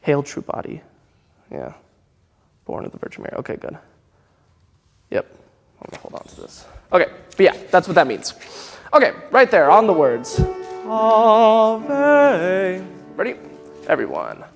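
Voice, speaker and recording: A man's voice: a little high, huge pitch swings, normal speed, creaky, pauses often, soft background music. A man leading a choir rehearsal, coaching Latin pronunciation and speaking lines for the singers to repeat. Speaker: choir director. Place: church rehearsal space. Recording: long reverb of a church hall.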